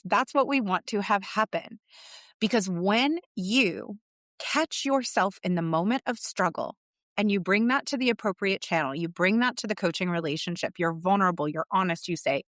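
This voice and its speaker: A middle-aged woman who works as a business coach tells a story in a podcast monologue, voicing her clients' inner thoughts with animated shifts. Her pitch is medium, and the recording is dry with clean studio sound.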